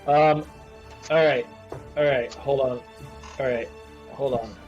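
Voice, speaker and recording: A man playing a tabletop game who talks in an animated, jokey way. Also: medium pitch, slow pace, highs cut off. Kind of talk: casual game chat. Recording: faint music behind the voice.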